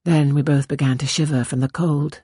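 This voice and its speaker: A woman narrating a novel in the first person, in a measured, intimate reading style. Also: deep voice, fairly even intonation, mellow, breathy edge, dry recording, studio quality. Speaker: audiobook narrator. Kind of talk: scripted narration.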